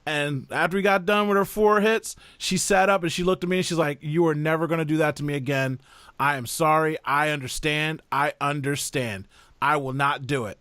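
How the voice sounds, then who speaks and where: A man's voice: high voice, no echo, clean studio sound. A man in casual podcast chat, telling family stories and acting out other people's voices as he goes. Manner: animated storyteller who acts out the voices of others. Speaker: podcast host and father.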